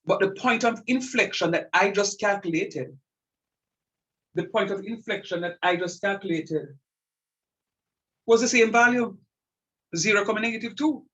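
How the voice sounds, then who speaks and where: A man's voice: high-pitched, moderate pace, fairly bright tone, breathy edge, lo-fi sound. A middle-aged man teaching a calculus lecture, repeating key points with emphasis and checking that students follow. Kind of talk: classroom math lecture.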